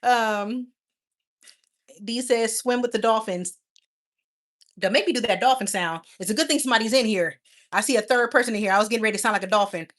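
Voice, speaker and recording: A woman's voice: on the high side, brisk, pauses often, fairly bright tone. A woman hosting a casual livestream, chatting affectionately with viewers and laughing often. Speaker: livestream host.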